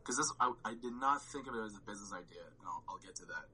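A man's voice: lowish voice, animated, quick pace, pushed and bright, a little hiss or hum, poor audio. A man telling a story on a podcast, rambling with lots of "like" and swearing and acting out his own reactions. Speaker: podcast guest. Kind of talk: casual storytelling chat.

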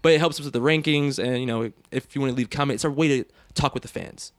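A man's voice: medium pitch, fast, no echo. A man hosting a podcast, reading listener reviews and chatting casually with frequent laughter. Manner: laughs often, reads listener reviews aloud. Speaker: podcast host.

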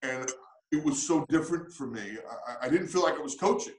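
A man's voice: fairly high pitch, expressive, fairly quick, reverberant, low-quality recording. A man who coaches, answering interview questions in an earnest, reflective way with frequent restarts.

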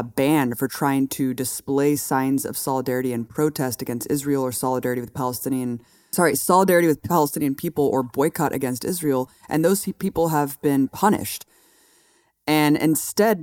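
A woman's voice: extremely low pitch, a little mellow, no echo. Woman going off on politics, blunt and fired up, swears, dry sound. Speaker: co-host. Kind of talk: casual political commentary.

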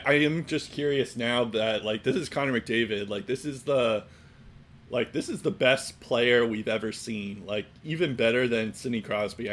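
A man co-hosting a casual sports chat, rambling and filling every pause with "like" and "um". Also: mid-range voice, fairly bright tone, a little hiss or hum. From Boston area. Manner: rambling, heavy on fillers like "like" and "um". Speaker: sports podcast co-host.

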